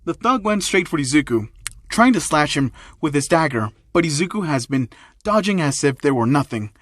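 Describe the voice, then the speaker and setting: A man reads a homemade action story aloud in a plain, halting way. His voice sits a little high for a man. The recording is close and dry. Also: very animated, a bit bright, dry recording. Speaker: narrator. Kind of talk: reading a fan-made story aloud.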